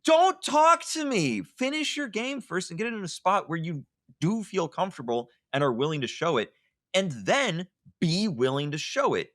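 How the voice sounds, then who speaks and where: Man, podcast co-host, sarcastic, emphatic, a bit high-pitched, dry recording. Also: a bit bright, no room sound. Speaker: podcast co-host, game publisher. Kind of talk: casual ranting chat.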